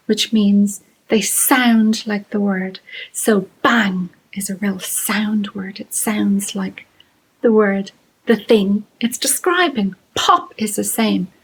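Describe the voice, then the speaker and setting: Slow, breathy Irish woman teaching kids. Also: medium pitch, poor audio. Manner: encouraging, asks questions, reads poems aloud slowly. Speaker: children's writing workshop presenter. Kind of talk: creative writing lesson for children.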